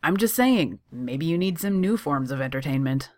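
A reader voicing an excitable young man who works as a barista, eager and teasing as he talks. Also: medium pitch, moderate pace, no room sound, clean studio sound, lightly acted. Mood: playful. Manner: eager and teasing, laughing easily.

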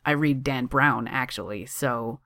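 A reader voicing a grumpy young male lawyer who talks in a slow, clipped, deadpan way. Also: medium pitch, vocal fry, no echo, clean studio sound.

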